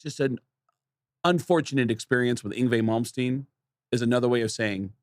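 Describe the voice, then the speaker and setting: A man's voice: medium pitch, normal speed, no room sound, clean studio sound. Podcast host man in casual chat.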